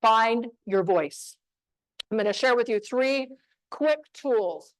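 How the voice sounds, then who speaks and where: A woman from New Mexico giving a motivational talk on voice skills to a live audience, emphatic and punchy with deliberate pauses. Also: a little high, animated, no room sound, poor audio. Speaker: speaker on voice skills. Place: room with an audience.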